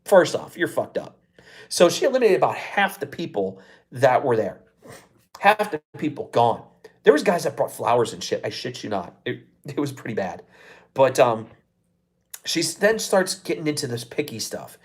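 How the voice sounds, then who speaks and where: A man hosting a live show talks in a casual, profane rant. His pitch swings widely as he gets worked up, with an exasperated, incredulous edge. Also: sing-song, moderate pace. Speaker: show host.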